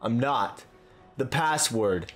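A man's voice: medium pitch, lively intonation, slow, faint music behind. A man giving casual let's play commentary, bossy and profane, laughing often.

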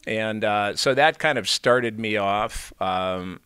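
A man's voice: on the low side, slow, pushed and bright, smooth, dry recording. A man from Illinois, an actor being interviewed, telling long anecdotes with many fillers and restarts. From Illinois, USA. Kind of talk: casual storytelling in an interview.

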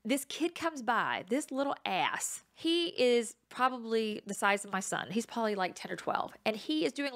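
Brief: woman podcaster, bright forceful voice, casual self-deprecating storyteller who laughs a lot. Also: on the high side, sing-song, normal speed, hardly any pauses. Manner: chatty and self-mocking, laughs often. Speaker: podcast host.

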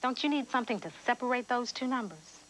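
A woman acting as a brisk, practical office boss in an educational TV sketch, speaking in a calm, reassuring, businesslike way. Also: fairly high pitch, a little hiss or hum, low-quality recording.

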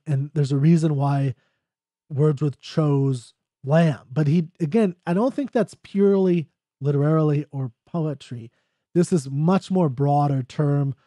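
Man teaching poetry, light and mellow. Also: on the high side, dry recording, studio quality. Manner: loose and jokey, explains with asides and "right?". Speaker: literature teacher. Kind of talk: casual poetry lecture.

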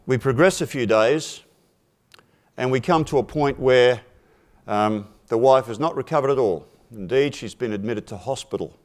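A man speaking at a forum, telling a simple fable in a measured, deliberate way and dropping his voice for punchlines. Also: mid-range voice, darkish tone. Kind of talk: storytelling a fable in a talk.

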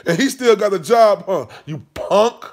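A man's voice: high-pitched, lively intonation, measured pace. A man ranting about boxing on his channel, heated and mocking, swearing constantly. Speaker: boxing commentary vlogger. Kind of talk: profane casual rant.

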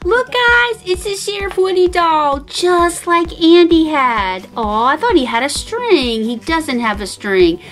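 A woman hosting a toy unboxing channel, talking excitedly to children, gasping and calling the viewers guys. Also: extremely high pitch, slow, few pauses.

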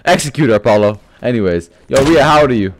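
A man hosting a gaming video who plays a boastful rich penguin in voice chat, talking in a brash, mocking, trash-talking way with loud bursts. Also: mid-range voice, lively intonation, quick pace, noisy background. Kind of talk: in-game voice chat role-play.

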